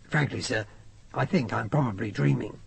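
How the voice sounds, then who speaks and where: A man's voice: mid-range voice, normal speed, vocal fry, slightly rough, pitched below the performer's own voice, exaggerated voice. A man voicing a polite, cautious young army captain in his own plain reading voice.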